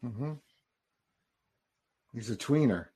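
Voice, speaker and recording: A man's voice: mid-range voice, expressive, takes it slowly, dark tone, breathy edge. A man hosting a podcast, chatting loosely through a live movie watch-along and reacting to the scenes. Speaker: podcast host.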